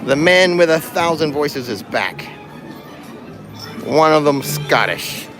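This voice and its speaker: Jokey man with a lively voice. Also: a little high, takes it slowly. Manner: jokey, laughs at his own jokes. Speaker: livestream host. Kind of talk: casual livestream chat while walking. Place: outdoors in a theme park. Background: music and crowd in the background.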